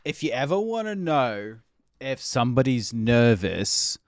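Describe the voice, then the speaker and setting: A man's voice: medium pitch, very animated, a little slow, dry recording. Rambling male streamer, dry sound. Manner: rambling, full of "like" and restarts. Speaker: streamer reacting to memes. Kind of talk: casual chat.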